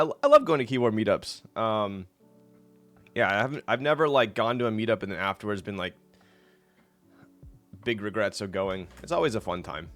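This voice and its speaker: A man's voice: on the low side, fairly bright tone. A young man casually chatting on his live stream, laid-back and rambling, laughing often and reading chat aloud.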